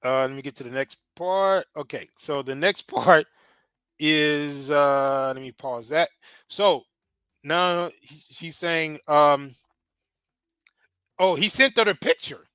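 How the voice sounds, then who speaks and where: Casting: upbeat Chicago host, high bright voice, slangy and laughing. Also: male voice, slow, smooth, no room sound. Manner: slangy, laughing often, says "bro". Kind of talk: casual livestream commentary.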